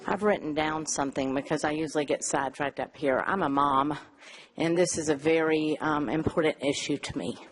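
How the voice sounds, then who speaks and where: A woman's voice: low voice, fairly even intonation, a little fast, background noise. A woman, a mother, giving an earnest and emotional prepared public comment to a city council. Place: council chamber.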